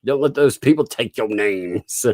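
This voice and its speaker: A man's voice: medium pitch, animated, a little slow, a little mellow, no echo, studio quality. A middle-aged man hosting a casual livestream, chuckling often as he reads out and thanks donors. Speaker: livestream host. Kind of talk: casual livestream chat reading donations.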